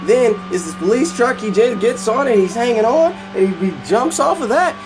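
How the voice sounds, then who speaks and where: A man recapping a film in a loose, rambling way, circling back on his own words. His pitch jumps around animatedly, over a faint bed of music. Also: lively intonation, moderate pace. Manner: rambling, repeats himself, fillers. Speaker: video host. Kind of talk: casual film retelling.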